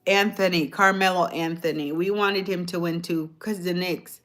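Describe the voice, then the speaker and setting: This livestream host has a lowish, slightly bright voice with fairly even intonation and a moderate pace. Lightly Jamaican-accented, she rambles to her live viewers, laughing softly and asking them things.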